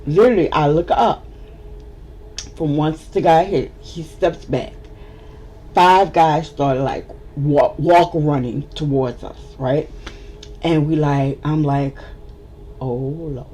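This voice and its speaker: Slow and low, with a slightly rough edge, a vlogger's voice narrates a casual storytime to the camera. She tells it with animation, acting out everyone else involved.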